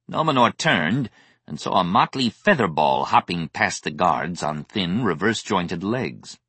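Deep-voiced male audiobook narrator. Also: sing-song, a little slow, a bit bright, slightly rough, dry recording. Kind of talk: scripted narration.

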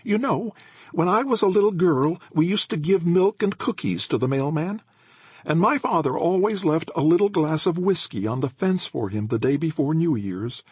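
A man's voice: on the high side, animated, moderate pace, darkish tone, husky, no room sound, pitched above the performer's own voice. A man voicing a chatty, eager old woman who rattles on with fond memories in an audiobook.

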